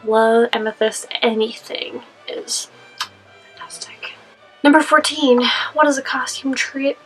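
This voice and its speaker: A woman's voice: high-pitched, measured pace, slightly rough, faint music behind, low-quality recording. A young woman from California answering Q&A questions in a casual vlog, rambling with lots of fillers and laughs. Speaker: costume vlogger.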